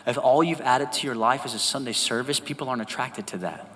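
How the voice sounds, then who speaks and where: A man preaches to his congregation. His voice is bright and forceful, and he keeps the tone conversational while calling for responses. The sound carries the long reverb of a church hall, with a faint hum of ambience underneath. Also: medium pitch, fast talker. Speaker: pastor. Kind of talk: sermon. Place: church sanctuary.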